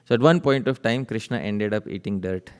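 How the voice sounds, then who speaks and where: In a reverberant temple hall, a man with a fairly low, clean-toned voice preaches a devotional sermon at a brisk pace. He tells stories, chants verses and poses rhetorical questions to his audience.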